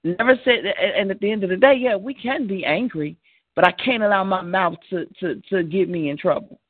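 A woman's voice: mid-range voice, dry recording. Earnest woman on a dry phone line. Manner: earnest, halting restarts, testifying. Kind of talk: casual church talk show on a call. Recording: dry tinny phone-like call audio.

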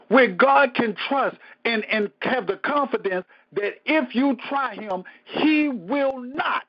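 A man with a notably high voice preaches through a Bible study, talking plainly and colloquially to his listeners. He hammers points by repeating them and drops in bursts of praise along the way. The recording sounds dull and lo-fi. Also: takes it slowly, hardly any pauses. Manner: emphatic, repeats phrases, interjects praise; casual colloquial speech. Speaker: pastor teaching Bible study. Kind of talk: conversational sermon teaching.

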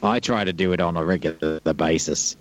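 A man co-hosting a podcast, chatting casually and reading listener emails aloud in a relaxed way. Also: low-pitched, a little fast, rough recording. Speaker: podcast co-host.

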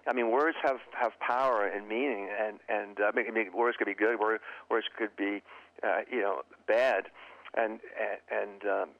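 A man who is a former FBI profiler, speaking as an interview guest in a halting way and often repeating his words. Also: on the low side, fairly even intonation, vocal fry, no room sound, muffled recording. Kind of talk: casual interview talk.

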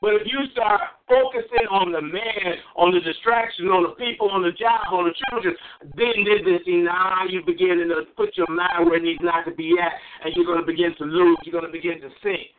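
A man preaching a sermon, swinging between high exclamations and low asides and repeating phrases for emphasis. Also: fairly even intonation, brisk. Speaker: pastor. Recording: tinny phone-line sound.

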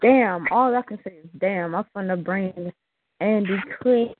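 A man's voice: high voice, unhurried, no room sound. Hyped man hosting a rap battle. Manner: hyped, casual slang. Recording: tinny phone-like line with faint noise.

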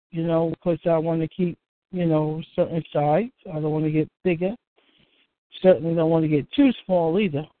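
A man with a notably high voice chats casually as host of a community call. He rambles easily and leans on "you know" often. His voice comes through a thin, phone-like line with no room sound. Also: no echo. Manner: rambling, easygoing, many "you know" fillers. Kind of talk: casual chat. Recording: tinny phone line, dry.

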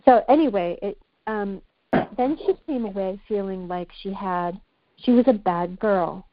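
Her medium-pitched voice moves at a measured pace as she opens up on a podcast, thoughtful and hunting for words in a casual, candid exchange. The audio comes across muffled, dry and lo-fi.

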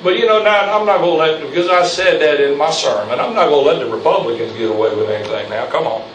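Speaking fast in a fairly high voice, a man preaches a fiery sermon as pastor, growing more intense and urging the congregation to say amen. It's recorded from afar in an echoey church sanctuary with a bit of background noise.

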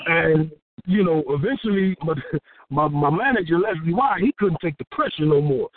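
A man from Houston, a rapper, telling a story in a casual interview, profane and animated, acting out what people said. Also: a little high, normal speed, no echo. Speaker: rapper and guest. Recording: tinny phone-like dry sound.

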